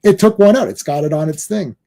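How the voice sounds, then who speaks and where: A man hosting a casual movie chat, excitedly acting out scenes and quoting lines. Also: a little high, fast talker, vocal fry. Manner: excited, acts out film lines. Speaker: podcast host.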